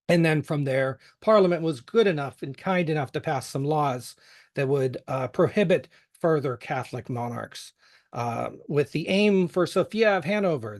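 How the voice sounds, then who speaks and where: A man's voice: on the high side, darkish tone. A middle-aged American man with a faint Western Pennsylvania accent, a history podcast host giving a casual, joking conference talk full of fillers. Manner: joking, self-deprecating, many fillers.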